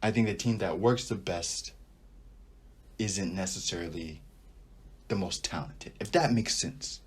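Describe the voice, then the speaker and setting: A man's voice: low voice, unhurried, slightly rough. A young man hosting a casual sports podcast, giving opinionated takes and thinking aloud as he goes. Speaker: podcast host.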